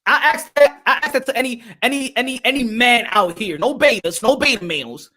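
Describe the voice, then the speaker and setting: A man's voice: very high voice, expressive, fairly quick, sharp tone, slight background noise. A man hosting a casual livestream podcast, talking animatedly, repeating phrases and calling out to his chat. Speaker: podcast host.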